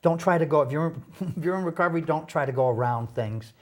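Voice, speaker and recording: A man, a guest on a TV interview show, telling a personal story in an earnest, halting way, often repeating words. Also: fairly high pitch. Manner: earnest, passionate about recovery.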